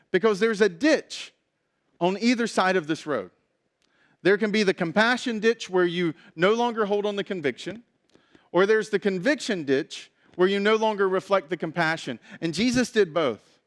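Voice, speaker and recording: Pastor with a fairly high male voice. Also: moderate pace. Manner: conversational, storytelling preaching with acted-out quotes. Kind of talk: sermon.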